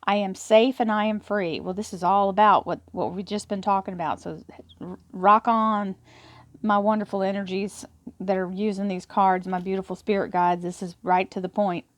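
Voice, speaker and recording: A woman's voice: medium pitch, little pitch movement, moderate pace, dry recording. Earnest woman reading affirmations, dry sound. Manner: earnest, encouraging, repeats words and restarts. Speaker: tarot reader. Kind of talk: spiritual affirmation talk to camera.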